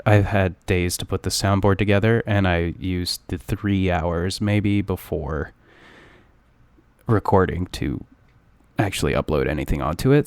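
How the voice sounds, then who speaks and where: Young man with a low voice co-hosts a podcast in loose, profane banter. He needles his friend and rambles through fillers, and his voice sits close and dry with no room sound. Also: creaky, no room sound. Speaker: podcast co-host.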